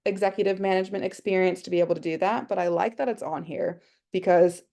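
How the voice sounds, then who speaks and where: A woman's voice: medium pitch, steady tone, quick pace, creaky, mellow. An Australian woman presenting an online workshop on a video call, chatty and thinking aloud with lots of fillers. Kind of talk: casual online workshop talk.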